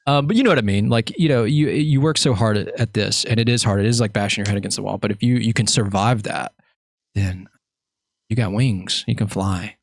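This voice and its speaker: A man's voice: lowish voice, a little fast, creaky, no room sound, clean studio sound. Jokey, rambling male podcast host. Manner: jokey, rambling, self-mocking. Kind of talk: casual interview chat.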